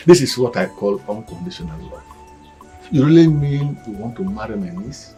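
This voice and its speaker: A man's voice: mid-range voice, lively intonation, normal speed, mellow, soft background music, natural voice. A Nigerian man playing a jovial middle-aged uncle, hearty and teasing.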